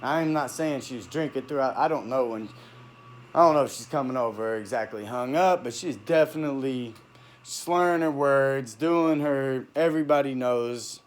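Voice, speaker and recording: A man speaks unscripted into his phone, recounting events in a heated, halting way. He restarts sentences often and lets thoughts trail off. His pitch stays in an ordinary middle range. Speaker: vlogger recounting a personal dispute. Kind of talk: unscripted personal monologue.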